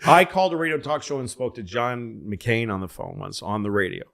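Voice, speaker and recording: Animated storytelling man on a podcast. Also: medium pitch, brisk, vocal fry. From Massachusetts, USA. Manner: animated storyteller, acts out quoted voices loudly. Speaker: podcast host. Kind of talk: casual storytelling chat.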